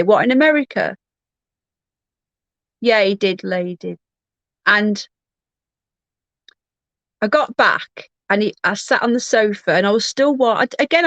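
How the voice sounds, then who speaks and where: A woman's voice: mid-range voice, fairly bright tone, no echo, muffled recording. A woman hosting a livestream, telling a personal story in a candid, rambling way with frequent restarts. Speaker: livestream host.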